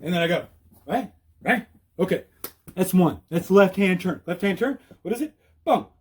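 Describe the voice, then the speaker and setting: A man giving an animated, repetitive how-to talk while riding outdoors, out of breath. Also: high-pitched, normal speed, slightly rough. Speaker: e-bike vlogger. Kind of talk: casual instructional talk.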